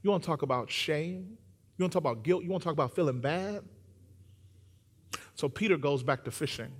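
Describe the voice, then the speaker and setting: A man preaching a sermon, joking with the congregation and building to loud, sung-out emphasis. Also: on the high side, a little fast, long reverb tail, a little hiss or hum. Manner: humorous, animated, builds to shouting.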